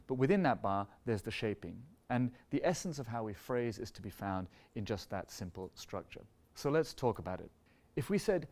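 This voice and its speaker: A man, an orchestra music director, explaining conducting technique in a measured, clear instructional video, slowly singing short melody lines to demonstrate beats. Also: medium pitch, darkish tone.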